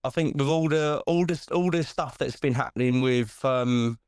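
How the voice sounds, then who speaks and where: A man's voice: mid-range voice, normal speed, smooth, no echo. British male guest, heated and repetitive, middle-range voice, dry recording. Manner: indignant, animated, many restarts and "do you know what I mean". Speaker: podcast guest. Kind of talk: casual podcast chat.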